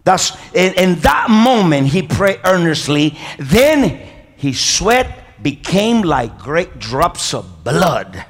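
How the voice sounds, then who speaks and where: A male pastor preaching a sermon. He calls for amens and praise and often pauses and restarts with non-native phrasing. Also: fairly high pitch, big pitch swings, husky. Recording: reverberant church hall.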